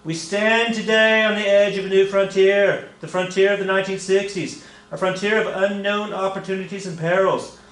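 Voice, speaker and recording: A man putting on the voice of a 1960s male president giving a speech, with an Irish-tinged accent and slow, stately delivery. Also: sits high, little pitch movement, a bit bright, reverberant, voice pushed up, low-quality recording. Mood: rousing.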